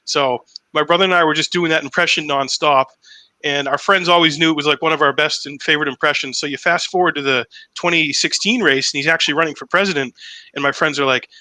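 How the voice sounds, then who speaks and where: A man's voice: a little high, a little fast, bright, forceful tone, no echo, poor audio. A young man hosting a casual interview, telling stories energetically and swearing freely. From Massachusetts, US. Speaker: host.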